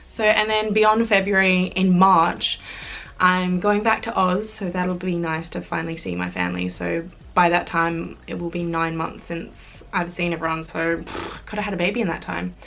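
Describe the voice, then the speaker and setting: A woman's voice: fairly low pitch, expressive, moderate pace, vocal fry, a bit bright. A young Australian woman chatting casually to camera in a vlog, bubbly and chatty with fillers and giggles. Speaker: YouTuber.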